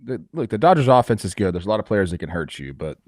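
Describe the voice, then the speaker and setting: Low-voiced male co-host, relaxed analysis. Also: quick pace, dry recording, clean studio sound. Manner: relaxed, hedging with fillers. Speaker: co-host, former player. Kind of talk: casual sports analysis.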